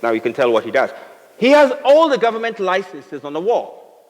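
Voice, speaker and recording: Lively Kenyan man in a big hall. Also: high-pitched, brisk. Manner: comic storytelling, teasing the audience. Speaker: speaker. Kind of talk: humorous motivational talk. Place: event hall with a live audience. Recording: reverberant hall, faint noise.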